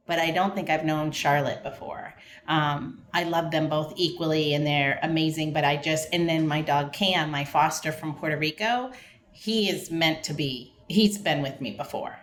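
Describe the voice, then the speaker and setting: Low-pitched woman podcast co-host, rambling and emotional. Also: a bit bright. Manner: rambling, self-interrupting, emotional. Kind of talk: casual podcast chat.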